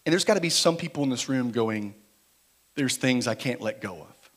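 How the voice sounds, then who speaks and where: A man preaching a sermon in a church, moving between quiet, slow emphasis and louder, driven passages. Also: medium pitch, expressive. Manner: dynamic preaching, shifting between quiet emphasis and raised intensity. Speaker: pastor. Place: church sanctuary.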